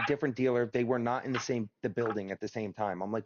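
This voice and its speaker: A man's voice: medium pitch, steady tone, quick pace, darkish tone, dull audio, a little hiss or hum. Rambling, profane man on voice chat. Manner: rambling, profane storytelling with many restarts. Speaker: gamer telling a story to friends. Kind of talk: casual chat over a game session.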